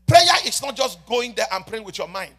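A man preaching a sermon as a prophet, swinging between loud shouts and soft murmured prayer and repeatedly addressing the congregation. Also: sits high, brisk, faint music behind. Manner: repeats "ladies and gentlemen" often.

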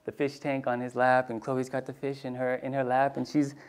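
A man preaching in a casual storytelling way, acting out voices in his anecdotes and dropping to a hushed tone for tender moments. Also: mid-range voice, monotone, a little fast. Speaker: pastor. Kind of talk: storytelling sermon.

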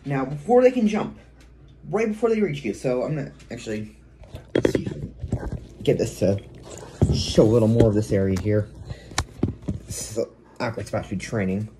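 A man with a warm, mellow voice talks through a dog-training tip in a loose, casual way, breaking off now and then to give his dog short commands. He is at home, and faint noise sits behind him. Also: medium pitch, animated, normal speed, long pauses. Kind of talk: casual how-to video. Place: at home, indoors.

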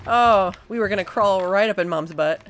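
A woman's voice: medium pitch, normal speed, a little hiss or hum. A young woman giving let's play commentary on a horror game, panicking and swearing as she talks back to the game. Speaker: gaming streamer.

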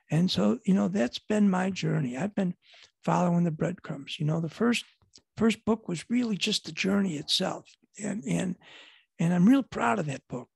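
A man's voice: high voice, no echo. A middle-aged man from Buffalo, New York, with a Western New York accent, telling a heartfelt personal story as a guest speaker, rambling and repeating himself earnestly. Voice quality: gravelly, husky voice.

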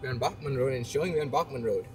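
A man filming a casual home vlog as a husband, affectionate and quick to laugh. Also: medium pitch, faint music behind. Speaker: husband and vlogger.

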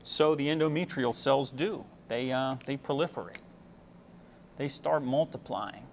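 Young guy talking through a lecture, relaxed and chatty, medium pitch, lots of uh's, faint hiss in the back. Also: unhurried, gravelly. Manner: casual, uses homely analogies, frequent "uh". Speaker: medical student presenter. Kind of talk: explanatory lecture.

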